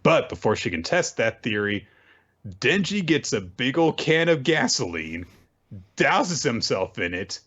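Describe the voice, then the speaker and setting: A man's voice: medium pitch, big pitch swings, unhurried, fairly bright tone. A man casually recapping manga chapters as a podcast co-host, with dry joking asides. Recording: dull lo-fi audio.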